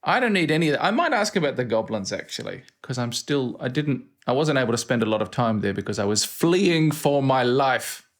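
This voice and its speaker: A man's voice: mid-range voice, big pitch swings, a little fast, hardly any pauses. A man hosting a let's play, thinking aloud and reading out game commands with dry asides. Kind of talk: casual gameplay commentary.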